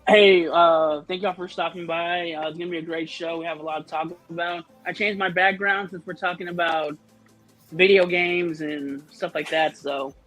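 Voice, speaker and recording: A man's voice: on the high side, fairly bright tone, poor audio. A laid-back man on a livestream panel, greeting viewers casually. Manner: laid-back, says y'all.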